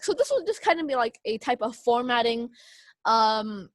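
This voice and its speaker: A woman instructing a speech class over a video call, explaining slowly with many fillers and restarts. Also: fairly high pitch, expressive, dry recording.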